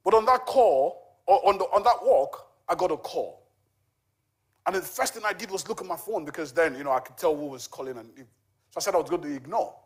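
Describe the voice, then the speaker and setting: A man in his forties, a charity volunteer, shares his testimony with a church congregation in an animated, husky voice that runs a bit higher than typical for a man. His delivery is relaxed and conversational, dotted with frequent filler pauses.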